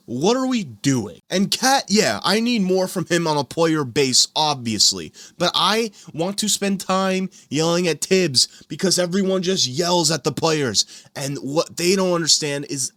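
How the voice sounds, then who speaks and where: An exasperated young man rants at his computer at home, hammering his points and repeating them. His voice sits a little high, and the sound is dry and close. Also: a bit bright, no echo. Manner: exasperated, emphatic, repeats himself. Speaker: sports commentator. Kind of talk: ranting fan commentary.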